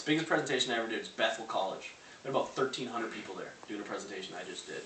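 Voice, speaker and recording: Brash young man with a bright voice. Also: on the low side, very fast. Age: young adult. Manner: brash, punchy rhetorical questions to the crowd. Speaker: network marketing presenter. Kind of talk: motivational sales presentation. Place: large room in a house with a live audience. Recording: roomy, distant recording with faint hiss.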